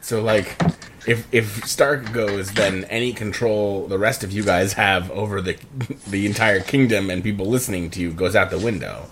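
A man playing a tabletop game, talking in a hesitant, halting way with many restarts. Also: on the low side, background noise. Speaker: player. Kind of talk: casual tabletop play.

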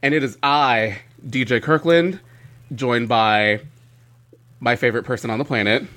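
A man's voice: mid-range voice, a little slow, bright, forceful tone. A young man hosting a podcast, upbeat and enthusiastic, with casual swearing. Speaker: podcast host.

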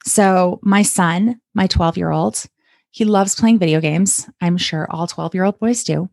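A woman's voice: fairly low pitch, a little slow, vocal fry, no room sound. A woman in her thirties from Canada, a coach talking on a podcast in an encouraging, reassuring way. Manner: warm encouraging coaching talk. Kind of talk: podcast monologue.

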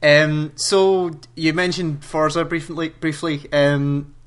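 A man hosting a casual gaming podcast, relaxed, swearing offhand and steering the conversation. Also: fairly high pitch, slow, smooth. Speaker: podcast host.

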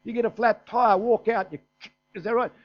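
Older Australian preacher, folksy and high-voiced. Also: male voice, fairly even intonation, normal speed. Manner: folksy storytelling, punctuated with "hello?" and "is that right?". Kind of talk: sermon. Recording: dull, muffled sermon recording.

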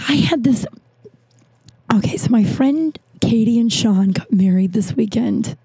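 A woman's voice: medium pitch, warm tone, no echo. A young woman with long covid telling a frustrated story in a rambling, casual way, with frequent swearing.

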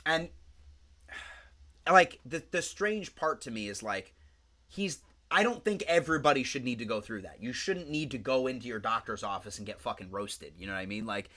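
Man, podcast co-host, bright tone, rambling, profane, animated. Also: mid-range voice, normal speed. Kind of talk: casual podcast chat.

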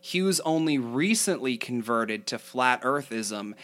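A man's voice: mid-range voice, animated, slow, a bit bright. Casting note: male podcast co-host who reads articles aloud, breaks off with fillers and asides, and laughs easily. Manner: reads quotes aloud, laughs often at the story. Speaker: co-host reading news articles. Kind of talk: casual podcast chat, reading aloud.

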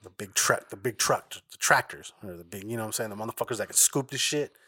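A man's voice: lowish voice, fast talker, bright, forceful tone, husky, no echo, clean studio sound. A man hosting a podcast, telling stories in loose, profane casual chat, with many restarts and laughs along the way. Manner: rambling, laughing storyteller, heavy swearing and restarts. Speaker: podcast host.

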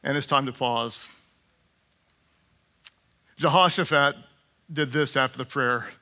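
A man preaching a sermon with passion. He repeats phrases and swings from shouting to hushed, prayerful tones. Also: mid-range voice, slow. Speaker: pastor.

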